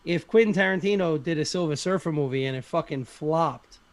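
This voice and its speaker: A man's voice: fairly high pitch, fairly quick, no echo. Rambling, swearing man in casual podcast chat. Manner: rambling, swears often, many fillers. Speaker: podcast participant.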